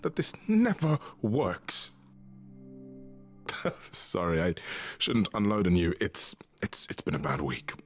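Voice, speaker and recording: Game role: a weary love god, very low, husky, soft-spoken, lively pitch. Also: male voice, faint music behind, full character voice. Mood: pained. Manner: heartfelt, halting confessional. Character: grieving young male god of love, weary. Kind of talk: video game voice acting.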